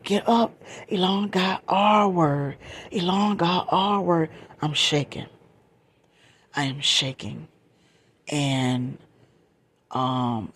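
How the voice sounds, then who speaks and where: A woman telling a true story in a whispered storytime, moving between soft whispers and her normal voice and repeating phrases for emphasis. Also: low voice, slightly rough.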